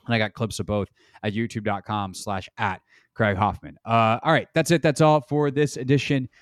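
A man's voice: on the low side, fairly even intonation, moderate pace, no echo, studio quality. A man hosting a sports podcast, chatting casually and rambling with lots of "um" and "like". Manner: rambling, heavy on "um" and "like". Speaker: sports radio and podcast host.

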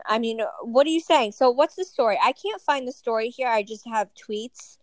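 A woman's voice: a little high, normal speed, hardly any pauses, darkish tone, no room sound. A woman co-hosting a podcast, chatting breezily and sassily about celebrity news. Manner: breezy, sassy gossip. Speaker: podcast co-host. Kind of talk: casual gossip chat.

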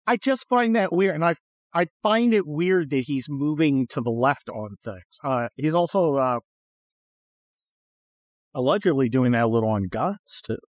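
A man with a slightly high, expressive voice hosts a podcast at normal speed, chatting about politics with blunt sarcasm and occasional swearing. He sometimes drops into mocking voices. The sound is dry and lo-fi.

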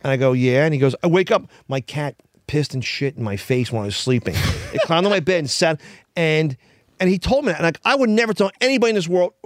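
A man's voice: a little high, animated, no room sound, studio quality. A man telling long rambling stories in casual podcast chat, stumbling over restarts. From Philadelphia area. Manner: rambling, halting with many restarts. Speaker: podcast guest. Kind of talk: casual storytelling.

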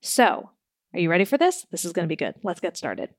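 A woman's voice: on the low side, wildly swooping pitch, brisk, dry recording, clean studio sound. A woman hosting her own coaching podcast, talking straight to the listener in an upbeat, friendly way. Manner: warm, upbeat, direct address to listener. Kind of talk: solo podcast talk.

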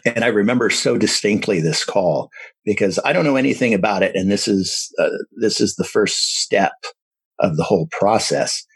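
A man with a very low, husky voice tells his own story in a halting way, full of small restarts and fillers. The sound is dry and close, with no room around it. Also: no room sound, low-quality recording. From San Diego area. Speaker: adoptive parent sharing his story. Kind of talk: casual personal storytelling.

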